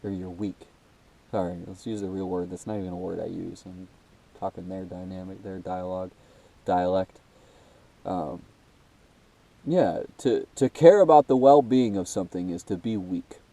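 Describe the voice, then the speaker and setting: A man's voice: deep voice, steady tone, moderate pace, gravelly, dark tone, recorded from a distance. Young man venting with a blocked nose. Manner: casual and swearing, calls listener dude, many restarts and fillers. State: blocked nose, trouble breathing. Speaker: self-made video host. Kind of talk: rambling personal monologue to camera.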